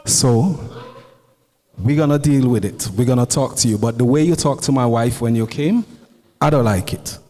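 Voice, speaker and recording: An actor playing a calm, firm father questioning his children and scolding the bus driver. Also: medium pitch, natural voice. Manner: measured, firm, lecturing. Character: stern Caribbean father, calm but firm. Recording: hall reverb with faint noise.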